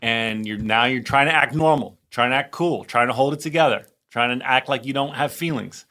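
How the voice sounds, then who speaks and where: A man's voice: medium pitch, brisk, sharp tone. A man hosting a podcast, eager and chatty, restarting and repeating himself as he talks. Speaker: podcast host. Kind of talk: casual chat.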